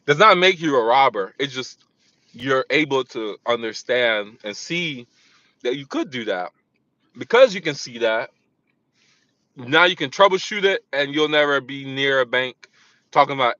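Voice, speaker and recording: Rambling man with a bright voice. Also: mid-range voice, normal speed, no echo, lo-fi sound. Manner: rambling, repeats himself, restarts sentences. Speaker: vlogger. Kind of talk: casual monologue.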